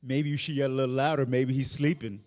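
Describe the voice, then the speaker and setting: A preacher acts out a brash male prophet, taunting his rivals with smug, mocking ease. The voice sits fairly high, and a long hall reverb trails each line. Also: fairly even intonation, moderate pace, close to an everyday voice.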